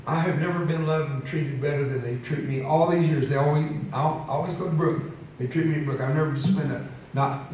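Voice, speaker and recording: A man's voice: medium pitch, slight background noise. A man in his seventies giving a storytelling speech to an audience, humorous and emotional, often laughing. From United States. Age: 70s. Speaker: motivational speaker. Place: large hall with an audience. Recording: echoey hall, heard from a distance.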